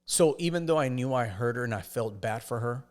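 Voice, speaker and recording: A man, a podcast guest, telling his life story in a casual, halting way with frequent restarts. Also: mid-range voice, lively intonation.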